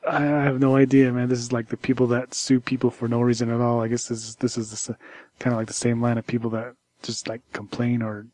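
A man co-hosts a casual tech news podcast, talking in a loose, halting way that is full of restarts. His voice is mellow and warm, and it sits at a medium pitch. The recording is dry and close. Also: little pitch movement, dry recording. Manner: rambling, halting, many restarts. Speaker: podcast co-host.

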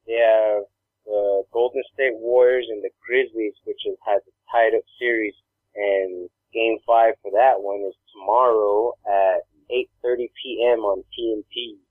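A man's voice: lowish voice, fairly even intonation, a little slow, no room sound. A man co-hosting a casual chat, telling rambling stories and acting out other people's voices. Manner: rambling storyteller, acts out voices. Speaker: podcast co-host. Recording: dry, phone-like narrow sound.

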